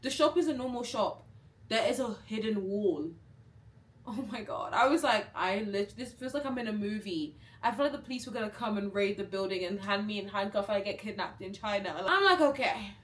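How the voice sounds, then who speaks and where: A woman's voice: mid-range voice, fairly quick. Young female vlogger, chatty storyteller who acts out quotes, recorded a bit far from the mic in a roomy space with faint ambience. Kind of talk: storytime vlog.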